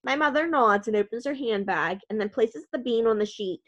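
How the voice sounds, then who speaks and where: A woman narrating a storybook in the first person, her delivery wry and dry. Her voice sits fairly high. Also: animated, brisk, fairly bright tone, dull audio. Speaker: audiobook narrator.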